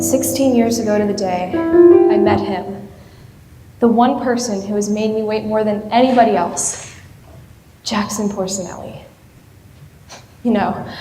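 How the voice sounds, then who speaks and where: A woman's voice: medium pitch, darkish tone, lightly acted. Woman playing a wistful young bride-to-be. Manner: wistful and self-mocking. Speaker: student actor. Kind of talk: stage play monologue. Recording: echoey hall from far off, faint ambience.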